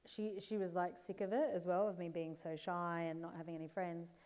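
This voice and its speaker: An Australian woman in her forties, a guest author telling candid, animated stories on a live stage, laughing and putting on playful voices. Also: fairly low pitch, fairly quick. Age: 40s.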